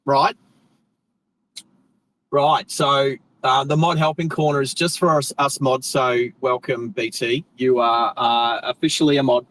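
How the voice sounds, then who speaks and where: An Australian man drives and hosts a casual live stream, his medium-pitched, fairly bright voice unhurried and fairly even in intonation. He rambles chattily with friendly slang, correcting himself mid-sentence, over poor audio.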